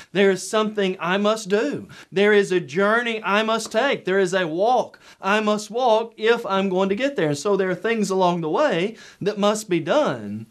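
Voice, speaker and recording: A man preaching a televised sermon lesson, measured and emphatic, with repeated rhetorical questions. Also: sits high, fairly bright tone.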